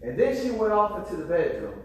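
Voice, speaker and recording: A man's voice: sits high, wildly swooping pitch, fairly quick. A man preaching a sermon to his congregation, often repeating words as he restarts, and calling out for responses. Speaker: pastor. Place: church sanctuary. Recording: echoey hall, far from the mic.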